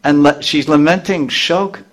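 A middle-aged spiritual teacher with a fairly high, steady voice leads a live group in a scripture class at a slightly slow pace. He explains the verses line by line and briefly acts out the characters' voices.

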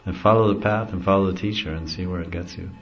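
A man's voice: low-pitched, fairly even intonation, fast talker. A middle-aged man, a spiritual teacher, giving an easygoing devotional talk and chuckling often as he explains. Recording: dull lo-fi recording.

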